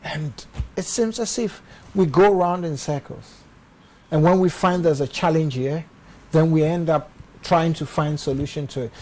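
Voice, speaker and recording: A man's voice: fairly high pitch, moderate pace, dark tone, rough recording. A man with a Ghanaian English accent hosting a studio interview, probing and cutting in with questions. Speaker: show host.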